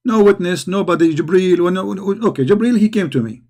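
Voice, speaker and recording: A high-voiced man delivers combative commentary in broken English. He mocks and challenges his opponents. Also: expressive, brisk, hardly any pauses, mellow. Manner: mocking, challenging, non-native grammar.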